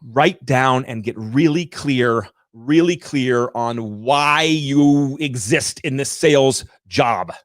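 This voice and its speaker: A man in his thirties hosting a livestream, giving an energetic, emphatic motivational rant on sales and talking straight to his viewers. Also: mid-range voice, slow, hardly any pauses, dry recording, studio quality. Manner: energetic, emphatic and ranting, addresses viewers directly. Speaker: livestream host and sales coach.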